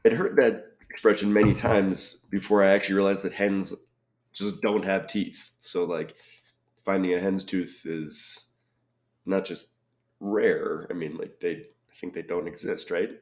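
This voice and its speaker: A man solving a crossword puzzle aloud, reading clues and thinking out loud with frequent ums and muttered asides. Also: low-pitched, fairly even intonation, a little slow. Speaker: crossword reviewer.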